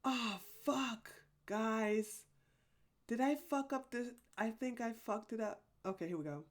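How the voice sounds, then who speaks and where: A woman's voice: on the high side, measured pace. A woman hosting a live stream, chatting casually with her viewers, rambling and apologetic, laughing often. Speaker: livestream host.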